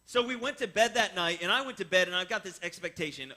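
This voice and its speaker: Talking fast in a high voice, a man shares his own fishing tale with an audience. He explains it step by step and brings it alive by impersonating the people in the story.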